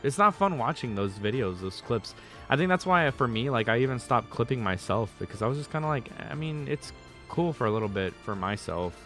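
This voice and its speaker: A man's voice: mid-range voice, lively intonation, a little fast, a bit bright, soft background music. A male streamer chatting casually with his viewers, rambling through restarts and fillers.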